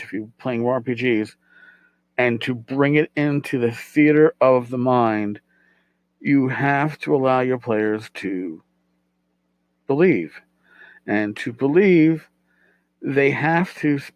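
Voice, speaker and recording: A man's voice: mid-range voice, no room sound, rough recording. A man from New York City, hosting a podcast and talking casually, rambling and swearing freely. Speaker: podcast host and game master.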